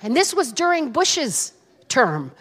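Animated woman preacher in a ringing hall. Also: sits high, takes it slowly, some chatter behind, slight background noise. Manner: animated, dramatic, addresses the congregation directly. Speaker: pastor. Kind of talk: sermon storytelling. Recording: long reverb of a large hall.

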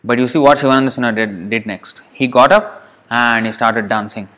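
A man's voice: medium pitch, fairly quick, fairly bright tone. A man speaking at a temple, telling a sacred story in a conversational sermon, acting out the quotes and asking the listeners questions.

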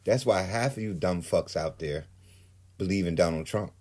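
A man's voice: sits low, moderate pace, darkish tone. A man delivering a heated, profane political rant in his own vlog, swearing often and building into outbursts. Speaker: political commentator.

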